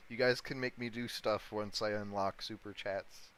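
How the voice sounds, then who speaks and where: A man's voice: lowish voice, fairly even intonation, normal speed, hardly any pauses, fairly bright tone, smooth, low-quality recording. A man livestreaming, thinking aloud in casual commentary while he chats with viewers and chuckles often. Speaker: livestreamer day-trading crypto. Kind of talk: casual live-stream commentary.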